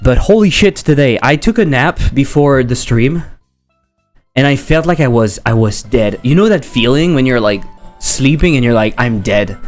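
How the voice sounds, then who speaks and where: A man's voice: mid-range voice, expressive, moderate pace, soft background music. A man with a French accent, a game developer chatting casually on a livestream, rambling and joking as he reads chat aloud.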